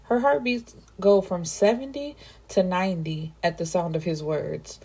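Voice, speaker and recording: A woman recapping a novel in a chatty, emphatic way, reacting freely as she goes. Her voice is low and husky with a mellow, dark tone. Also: unhurried. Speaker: book reviewer. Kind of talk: casual book recap.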